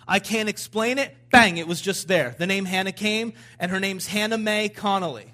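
A man in his thirties preaching, telling a personal story with frequent restarts and rising, animated emphasis. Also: high voice, moderate pace. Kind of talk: sermon storytelling.

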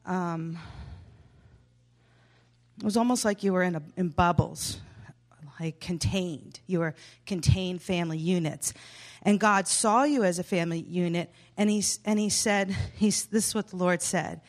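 A woman's voice: lowish voice, measured pace. A woman sharing a vision at a church service, earnest and hesitant, with many fillers and restarts.

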